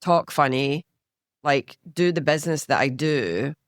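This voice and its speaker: A woman's voice: sits low, unhurried, no echo. Glaswegian woman in her fifties, blunt storytelling podcast guest, dry close mic. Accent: Glaswegian Scottish. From Scotland. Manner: blunt, swears freely, animated storyteller. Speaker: guest, stylist. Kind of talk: casual podcast chat.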